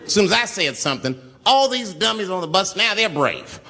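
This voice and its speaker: A man's voice: sits high, sing-song, a little fast, gravelly, few pauses, pushed and bright. A man doing stand-up, telling a profane story with lots of acted-out voices. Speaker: stand-up comedian.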